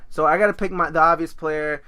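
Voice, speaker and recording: A man hosts a laid-back podcast with a bright, crisp voice, a touch higher than most men. He rambles and pokes fun at himself. The sound is close and dry. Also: fairly even intonation, fast talker, dry recording. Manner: rambling, joking and self-mocking. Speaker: podcast host. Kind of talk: casual chat.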